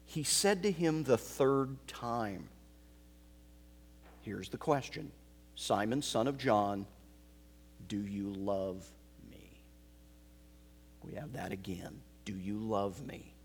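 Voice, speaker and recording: A man preaching an expository sermon, slow and emphatic, repeating key phrases. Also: lowish voice, husky. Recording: long hall reverb.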